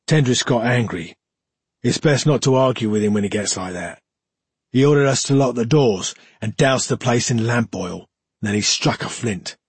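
Male narrator doing a husky, slurring drunken tracker, bitter and coarse. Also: medium pitch, no room sound, natural voice. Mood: grim. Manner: slurred, grumbling.

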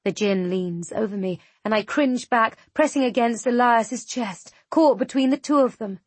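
A woman narrating a fantasy audiobook in the first person, measured and tense. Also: on the high side, darkish tone, dry recording.

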